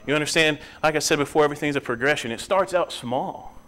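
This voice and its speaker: A young man preaching in a church, earnest, his voice climbing high and loud when he presses a point. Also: fast talker. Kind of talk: sermon. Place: church sanctuary.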